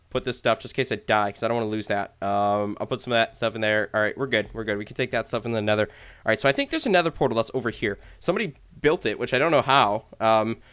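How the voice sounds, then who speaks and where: A man commentating his gameplay in an excited, hyper way, often repeating himself. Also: fairly high pitch. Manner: hyper, exclamatory, repeats phrases. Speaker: let's play gamer.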